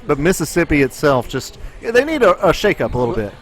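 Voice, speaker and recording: A man co-hosting a podcast, opinionated and quick to get fired up in casual chat. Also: a little high, sing-song. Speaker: podcast co-host.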